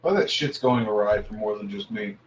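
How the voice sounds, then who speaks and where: A man's voice: lowish voice, a little fast, dull audio, a little hiss or hum. A man playing a tabletop game, chiming in casually. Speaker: player.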